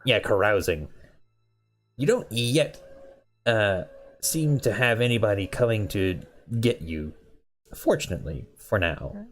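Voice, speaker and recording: A man running a tabletop game, narrating scenes at an unhurried pace, his voice deep and sitting low. His pitch moves in a lively way as he talks. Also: faint music behind. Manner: unhurried, with many fillers. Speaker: game master.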